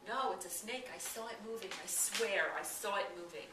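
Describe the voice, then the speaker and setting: A woman's voice: medium pitch, moderate pace, lightly acted. A woman voicing a frightened man who is frozen in fear and keeps pleading that he sees a snake. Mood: frightened insistence. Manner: pleading, insistent. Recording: echoey room, distant mic, noisy.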